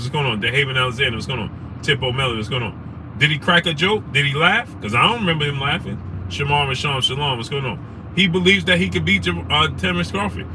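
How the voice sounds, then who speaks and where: Ranting man in a noisy car. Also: fairly high pitch. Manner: animated, ranting, repeats rhetorical questions. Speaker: sports talk show host. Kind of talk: casual live-stream commentary, reading chat names.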